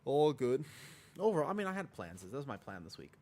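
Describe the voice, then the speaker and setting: A man's voice: mid-range voice, big pitch swings, brisk, mellow, a little hiss or hum. A man streaming a game and chatting casually with viewers while playing. He rambles and corrects himself often, and he has a sore throat and feels slightly sick. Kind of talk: casual livestream chat while gaming.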